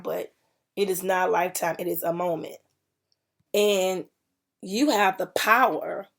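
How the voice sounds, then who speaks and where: A woman hosting a faith-based podcast, talking in an encouraging, preachy way. Her voice has a gravelly, creaky texture. She repeats her key lines for emphasis. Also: medium pitch, a little mellow. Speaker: podcast host.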